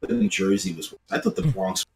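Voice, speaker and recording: Man, late thirties, New York accent, lowish voice, casual podcast chat, faint noise behind. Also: fast. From Brooklyn, New York. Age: late 30s. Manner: storytelling, animated, swears casually. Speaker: podcast co-host.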